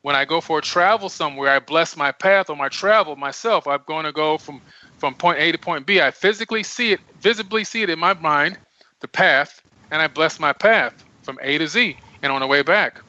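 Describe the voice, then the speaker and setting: A man's voice: fairly high pitch, fairly quick, pushed and bright, no room sound. A man speaking as a guest on a radio interview, earnest and emphatic. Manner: earnest, emphatic, preaching self-empowerment. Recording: dull lo-fi radio audio.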